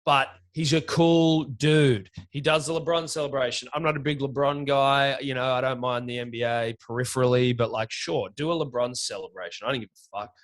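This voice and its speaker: A man's voice: mid-range voice, fairly even intonation, brisk, few pauses. A man with an Australian accent co-hosting a sports podcast, rambling and profane in casual chat. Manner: rambling, profane, self-mocking. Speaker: podcast co-host.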